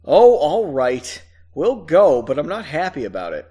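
A man voicing a blunt, grumpy young noblewoman in his own near-normal voice, curt and flat. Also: on the high side, measured pace, husky, full character voice. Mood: grudging.

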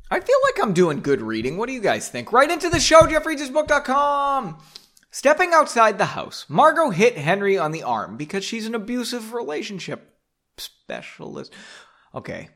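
Male podcast host reading his own novel casually; self-mocking, profane asides; animated and a touch high. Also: moderate pace. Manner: joking, self-deprecating, swears often. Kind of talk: casual book reading with tangents. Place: home basement.

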